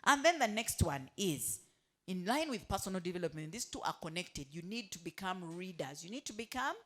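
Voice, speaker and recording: A woman's voice: lowish voice, sing-song, brisk, fairly bright tone. A woman giving a motivational talk to hotel staff. She keeps asking the room questions and has them finish her sentences. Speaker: motivational speaker.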